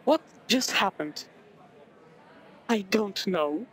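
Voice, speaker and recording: Lively high-voiced man narrating a game. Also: slow, rough recording. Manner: chatty, wry asides. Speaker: video game let's player. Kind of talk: reading a visual novel aloud with commentary. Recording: background game music.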